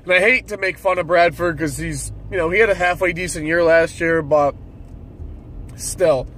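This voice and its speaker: A man's voice: a little high, fairly even intonation, normal speed, a bit bright, slight background noise. A man ranting about football as a fan commentator, irritated and swearing freely. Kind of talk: solo sports rant.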